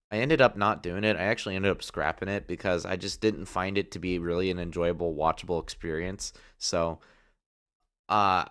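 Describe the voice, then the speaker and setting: A man's voice: on the low side, a bit bright. A man hosting a gameplay livestream, chatting loosely with viewers, with plenty of fillers. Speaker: livestream host. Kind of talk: casual gameplay livestream commentary.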